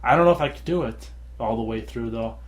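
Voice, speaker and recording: A tired man co-hosting a podcast in casual chat, rambling and laughing often as he acts out shouted quotes. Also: mid-range voice, quick pace. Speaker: podcast co-host.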